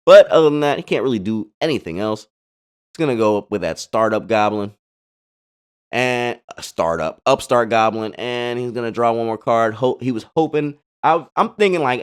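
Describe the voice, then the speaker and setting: A man's voice: mid-range voice, animated, moderate pace, clean tone. A man casually commenting on card-game replays in a laid-back, slangy way, full of chatty asides. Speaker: gaming channel host.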